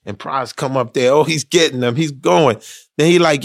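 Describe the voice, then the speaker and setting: Animated man telling a wild story. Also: medium pitch, normal speed, creaky, no echo, clean studio sound. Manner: animated storyteller, acts out voices, slangy. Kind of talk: casual anecdote.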